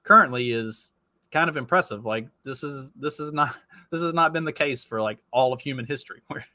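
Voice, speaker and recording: Bright-voiced man, halting casual chat. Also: medium pitch, no room sound. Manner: halting, repeats words, laughs while talking. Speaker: podcast co-host.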